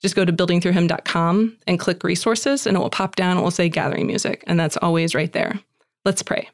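A woman giving a chatty, animated personal faith testimony at a women's gathering, acting out dialogue and saying "like" often. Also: fairly low pitch, brisk, no echo, clean studio sound. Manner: heavy use of "like" as filler. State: tearful at moments.

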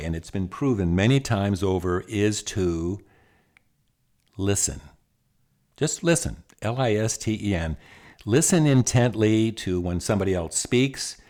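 A man's voice: lowish voice, a little mellow. An older man giving a casual, folksy talk about the mind, often repeating words and chuckling. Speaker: speaker on self-talk and the mind.

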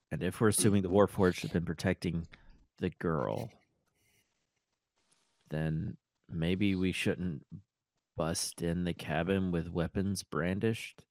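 A man's voice: low voice, fairly even intonation, slow pace, long pauses, darkish tone. A man playing a tabletop game, chatting in a playful, jokey way. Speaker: player. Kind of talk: casual tabletop game chat.

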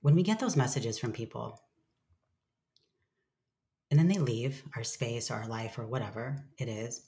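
A woman's voice: a bass voice, normal speed, dark tone. A woman speaking as a guest in a candid, reflective conversation, swearing casually and acting out her own inner voice.

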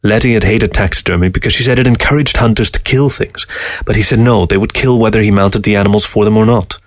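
Low-voiced male audiobook narrator, calm and steady, dry close mic. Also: fast talker, no echo. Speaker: story reader.

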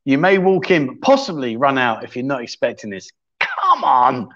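A man's voice: mid-range voice, expressive, brisk, lo-fi sound. A man hosting a casual livestream chat show and running a quiz, trading cheeky banter with viewers in the chat.

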